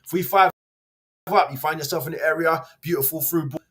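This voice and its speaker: A man's voice: fairly high pitch, fairly even intonation, a little fast, fairly bright tone, husky. A man hosts a show, reading a news piece aloud and then ranting in a heated, slangy, mocking way. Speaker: host.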